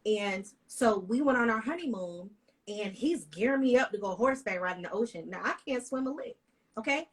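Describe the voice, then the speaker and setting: A woman on a discussion panel telling a heartfelt personal story with animated, emotional delivery. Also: a little high, a little fast, slightly rough, low-quality recording.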